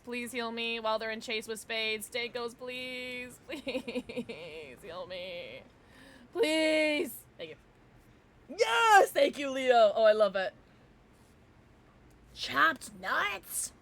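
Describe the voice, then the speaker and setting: A young woman livestreaming a game and chatting to her viewers in a bubbly, giggly way. Her voice sits a little high and swoops up and down as she reacts, though she talks at an unhurried pace. A faint hiss runs behind her. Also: a bit bright. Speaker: streamer. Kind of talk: casual gaming livestream chat.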